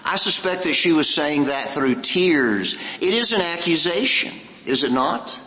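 Earnest preacher in a reverberant hall. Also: male voice, mid-range voice, lively intonation, moderate pace, hardly any pauses, bright, forceful tone. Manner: earnest, rhetorical questions, repeats lines for emphasis. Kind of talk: sermon.

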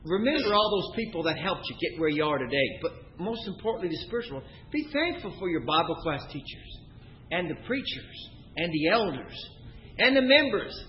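A middle-aged man from Canada preaching a sermon, telling stories and swinging between loud emphasis and quiet asides. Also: on the high side, slight background noise. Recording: dull lo-fi recording.

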